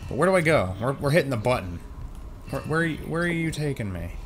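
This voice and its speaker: A man's voice: medium pitch, sing-song, brisk, noisy background. A young man hosting a casual let's-play, joking along and yelping when startled. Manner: jokey and jumpy, yelps and shouts when startled. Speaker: gaming channel host.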